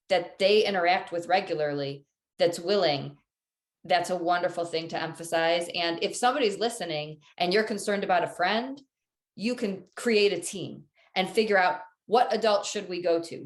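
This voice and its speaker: A woman hosting a podcast interview, reflecting and affirming her guest's points. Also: fairly low pitch. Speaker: podcast host. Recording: roomy echo.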